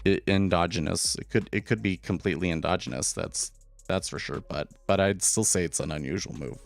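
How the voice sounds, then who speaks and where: Casting note: low, gravelly man, loose opinionated trading chatter, faint music under him. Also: brisk. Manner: casual, opinionated, repeats words when starting sentences. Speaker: day trader streaming live. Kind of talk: live trading commentary.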